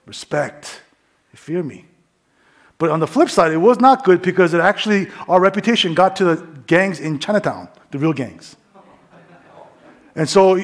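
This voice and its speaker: A husky, slightly high-voiced middle-aged man preaching through a personal testimony. He tells it like a story, often dropping his voice to quiet asides. He is from New York. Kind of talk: sermon testimony.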